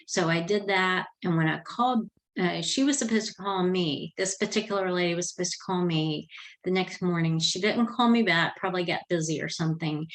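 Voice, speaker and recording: A woman's voice: lowish voice, fairly bright tone, rough recording. An older woman telling a personal story in an earnest, chatty way, with a few restarts as she goes. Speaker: Christian vlogger.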